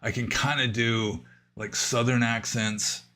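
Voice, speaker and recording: A man answering viewer questions on a livestream, thinking aloud in a casual, rambling way with pauses and asides. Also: mid-range voice, little pitch movement, bright, forceful tone, slight background noise. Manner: musing, thinking aloud with fillers and trailing asides. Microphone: livestream microphone.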